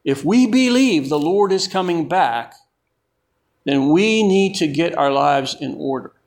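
A male preacher delivers a sermon at an unhurried pace. His voice sits a little high, and he drives his points home by repeating words. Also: lively intonation. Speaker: pastor.

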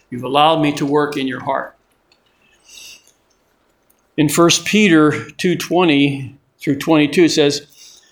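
An older man preaching a sermon in a conversational way, often repeating and restarting his words. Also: on the high side.

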